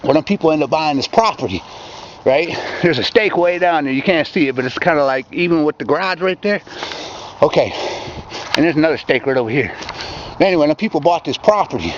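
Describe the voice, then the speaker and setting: A man's voice: fairly high pitch, animated, fairly quick, a little hiss or hum. A man from Michigan rambling and ranting in a casual outdoor vlog, filmed at dusk by a yard fence and campfire. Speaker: vlogger. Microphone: handheld camera. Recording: dull lo-fi camcorder audio with faint outdoor ambience.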